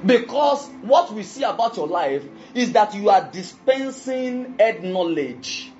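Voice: mid-range voice, big pitch swings, slow pace, a little mellow, soft background music. A preacher giving an emphatic sermon and often asking the congregation if they follow. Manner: emphatic, keeps asking the audience questions. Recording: dull lo-fi recording.

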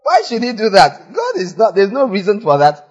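A man preaching a sermon in a church, animated, moving from quiet asides to loud exclamations. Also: sits high, moderate pace, husky. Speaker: pastor. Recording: echoey hall, slightly dull sound.

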